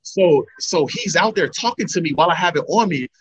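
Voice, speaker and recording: Young male fighter guest, quick animated storyteller, slightly high voice. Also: low-quality recording. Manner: animated storyteller, acts out his coaches' lines. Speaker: MMA heavyweight fighter, guest. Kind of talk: casual storytelling interview.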